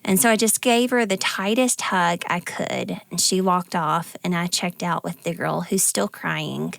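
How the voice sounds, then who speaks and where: A woman's voice: fairly low pitch, fairly even intonation, measured pace, gravelly, fairly bright tone, no room sound. A woman co-hosting a podcast, telling personal stories in a casual, chatty way with many fillers. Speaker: podcast co-host. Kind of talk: casual conversation.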